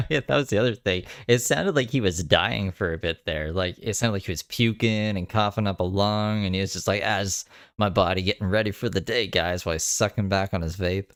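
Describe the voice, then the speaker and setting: A man's voice: on the low side, a little fast, hardly any pauses, no echo, clean studio sound. A man giving casual, sarcastic commentary while reacting to another streamer's live broadcast, laughing often.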